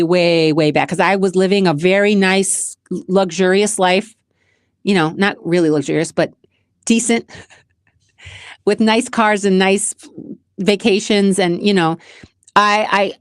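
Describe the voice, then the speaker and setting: A woman hosting her own channel speaks earnestly through a personal motivational monologue, repeating phrases for emphasis and at times coming close to tears. Her voice is mid-range, recorded dry with clean studio sound.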